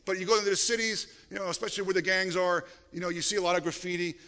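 A middle-aged man preaches with animated, emphatic swells and many restarts. His voice is bright and sits on the higher side. The sound carries the long reverb of a church sanctuary. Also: racing. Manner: animated, rising to emphatic peaks, frequent restarts. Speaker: pastor. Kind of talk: sermon.

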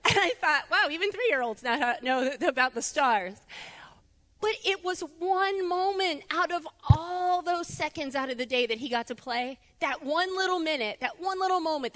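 A woman giving a conversational sermon in a church, animated and chatty, laughing easily. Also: high-pitched, in a large hall. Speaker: preacher. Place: church sanctuary.

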